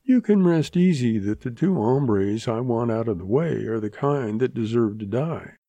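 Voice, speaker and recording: A man voicing a scheming, ruthless saloon owner and rancher in a Western audiobook, gruff and blunt. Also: mid-range voice, animated, moderate pace, mellow, no room sound, dull audio.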